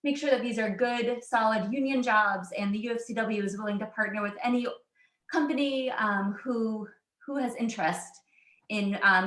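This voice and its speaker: A woman's voice: mid-range voice, a bit bright. Out-of-breath woman in an echoey room. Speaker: union organizer. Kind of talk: public comment. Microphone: video call.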